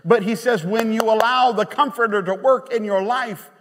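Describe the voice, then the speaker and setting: A man preaching a sermon from the pulpit, his voice sitting high for a man. He is emphatic and animated, then drops suddenly quiet. The sound carries a long church reverb. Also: normal speed. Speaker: pastor. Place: church sanctuary.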